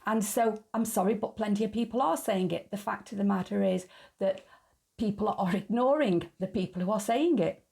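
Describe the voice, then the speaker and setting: Blunt, chatty woman host, mid pitch with a gravelly edge. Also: normal speed, darkish tone. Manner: frank, chatty, laughs at her own jokes. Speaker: YouTube channel host. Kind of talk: casual opinion monologue.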